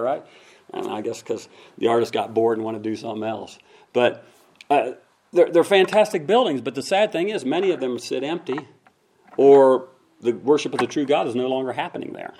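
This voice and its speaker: A man's voice: medium pitch, fairly quick, creaky, a little mellow. A man preaching a conversational sermon to his congregation, acting out voices now and then. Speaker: pastor.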